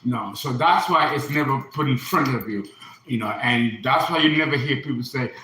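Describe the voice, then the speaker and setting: A man's voice: medium pitch, normal speed, pushed and bright, echoey room, poor audio. A man in his fifties speaking in an earnest, impassioned personal monologue, often repeating himself. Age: 50s. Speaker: astrologer and occult teacher.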